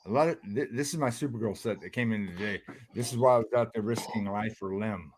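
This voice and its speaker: Low-voiced man with dry humor. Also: quick pace, crowd noise. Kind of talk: casual video call chat. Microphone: video call.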